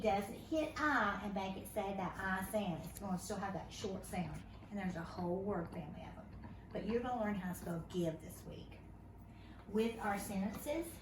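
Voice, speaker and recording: A woman teaching a first grade phonics lesson, patiently encouraging her pupils to read each word aloud, recorded at home. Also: mid-range voice. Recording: roomy, distant, noisy home recording.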